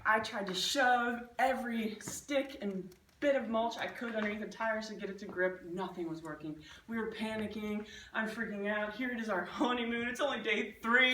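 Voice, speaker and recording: A woman delivers a humorous storytelling speech to a live audience, animated and comic in her delivery. Her voice sits well back from the mic in an echoey room. Bursts of audience laughter and room noise come through behind her. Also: fairly high pitch, moderate pace. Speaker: Toastmasters speaker. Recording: roomy echo from a distant mic.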